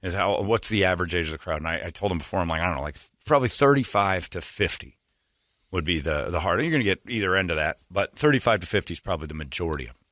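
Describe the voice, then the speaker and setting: A man hosting a podcast, telling stories in a sarcastic, animated casual chat. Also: low-pitched, very fast, no echo, studio quality. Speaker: podcast host.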